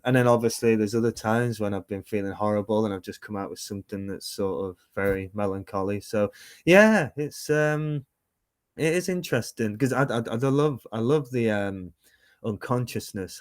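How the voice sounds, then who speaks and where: This UK musician and painter in his thirties has a lowish, somewhat dark voice. Speaking over a video call for an interview, he's relaxed and meandering, full of fillers and false starts. The sound is dry and studio-grade.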